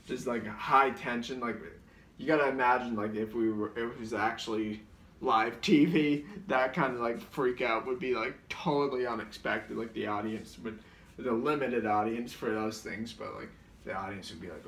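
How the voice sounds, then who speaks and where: A man's voice: medium pitch, normal speed, a bit bright, slight background noise. A man telling stories in a casual, rambling way, leaning on "like" and restarting his sentences. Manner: rambling, heavy use of "like", frequent restarts, briefly mimics voices. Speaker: comedian recounting his sketches. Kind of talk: casual storytelling. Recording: roomy sound from a distant mic.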